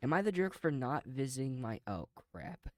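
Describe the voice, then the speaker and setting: A man's voice: medium pitch, very animated, moderate pace, dry recording, clean studio sound. A man hosting a casual reaction video, reading posts aloud and commenting off the cuff with chuckles.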